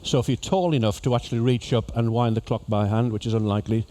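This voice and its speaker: A man's voice: medium pitch, fast, dark tone. A man giving a humorous, chatty talk to cruise passengers as an after-dinner speaker. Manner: jokey, chatty storyteller addressing an audience. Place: ship lecture venue.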